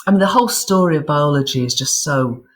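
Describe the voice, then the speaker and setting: A woman's voice: low voice, expressive, quick pace, a little hiss or hum. A woman speaks as an interview guest, explaining science with eager enthusiasm. She often repeats words as she builds her thoughts, then carries on in long flowing explanations. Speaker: guest author and physicist. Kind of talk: interview conversation.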